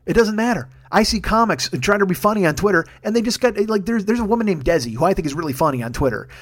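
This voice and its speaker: A man's voice: sits high, expressive. A man in his forties, a comedian hosting his own show, ranting at length with constant swearing and sudden bursts of intensity. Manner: profane, fast ranting with bursts of raised intensity. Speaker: comedian podcast host. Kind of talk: solo comedic rant.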